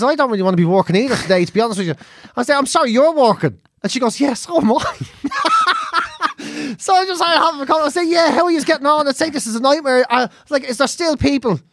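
Irish man, middle-aged, high lively voice, fast talker, casual podcast chat. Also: dry recording, clean studio sound. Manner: animated storytelling, swears a lot. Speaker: podcast co-host.

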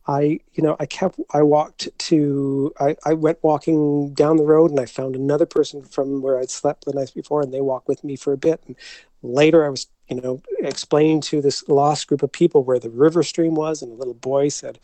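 Warm, slightly high man telling a story. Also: dry recording. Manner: halting, many restarts, laughs often. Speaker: interview guest. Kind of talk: personal storytelling in conversation.

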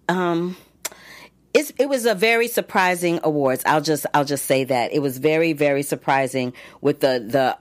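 A woman actress hosting casual entertainment news, chatty with many fillers and restarts as she reads long lists of nominees. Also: sits low.

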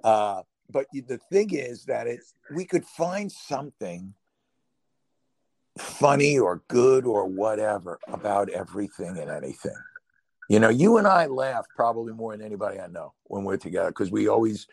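Here a gravelly, husky Brooklyn-accented co-host from New York speaks at a fairly low pitch and moderate pace. His podcast talk is loose and rambling, full of laughter, his voice climbing when he gets excited, and the sound is dry and close with no echo.

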